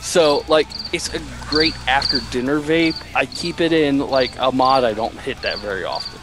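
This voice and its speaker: A man on a casual live show reviewing products in a slow, rambling, profane way. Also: mid-range voice, noisy background.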